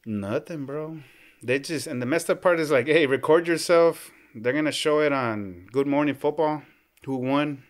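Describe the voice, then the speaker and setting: A man's voice: medium pitch, moderate pace. A man in his thirties, a team superfan, telling a story casually in a podcast studio, acting out what people said and calling the host "bro.". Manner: animated, acts out quoted dialogue, says "bro" often.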